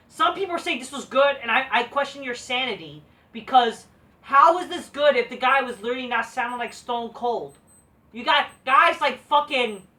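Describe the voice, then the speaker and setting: Brief: woman host, wrestling review rant, sharp bright tone, swears a lot, sarcastic, off-mic slightly. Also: sits high, distant mic. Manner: profane, repeats "like" and restarts often, sarcastic. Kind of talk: ranting show review.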